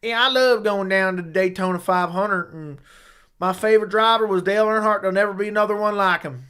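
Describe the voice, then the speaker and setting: A man's voice: sits high, a little fast, sharp tone, clean tone, voice pushed up. A man putting on a drawling Southern redneck. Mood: boastful. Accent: put-on American Southern country accent. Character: loud Southern redneck man, conspiracy-minded racing fan.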